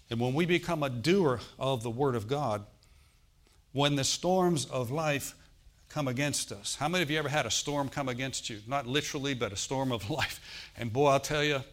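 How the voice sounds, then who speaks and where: A pastor preaches a conversational sermon at a church service, checking in with his congregation through "amen." His medium-pitched, slightly bright voice gets louder for emphasis, and he chuckles along the way.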